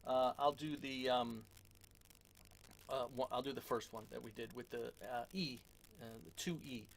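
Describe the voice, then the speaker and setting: A man giving a casual drum lesson, relaxed and self-deprecating, with lots of fillers. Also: mid-range voice, moderate pace, vocal fry, very noisy. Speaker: drum teacher. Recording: loud drums between talk.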